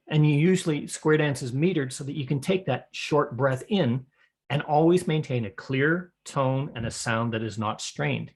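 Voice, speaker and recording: A middle-aged man teaching would-be square dance callers about breathing and voice care, in a folksy, practical way, showing what he means as he talks. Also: medium pitch. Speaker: square dance calling instructor. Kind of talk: spoken lesson to a camera.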